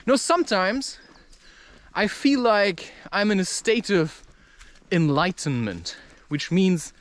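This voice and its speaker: A man musing in a rambling, profane spiritual monologue, excitable and talking half to himself. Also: high voice. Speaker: vlogger.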